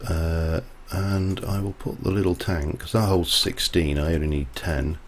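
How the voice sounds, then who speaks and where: Speaking unhurriedly in a low voice with fairly even intonation, a man livestreams with a little hiss or hum in the recording. His casual gameplay chatter rambles, digressing into side stories mid-task.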